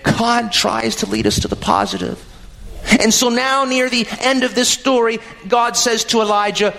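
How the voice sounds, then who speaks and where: A man's voice: very high voice, fairly even intonation, moderate pace, gravelly, bright, forceful tone, poor audio. A man preaching a sermon and retelling a scripture story to his congregation, rising and dropping his voice for emphasis.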